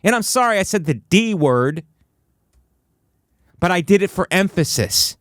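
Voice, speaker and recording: A male comedian holds forth alone at a studio microphone, his voice sitting a touch high for a man. He slips into grand, mock-motivational rants, then drops into low, offhand asides. The sound is dry and close, with almost no room around it. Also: unhurried, no room sound. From United States. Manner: mock-motivational ranting, swinging between high excited bursts and low, flat asides. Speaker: comedian and podcast host. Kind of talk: solo comedic podcast monologue. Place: podcast studio.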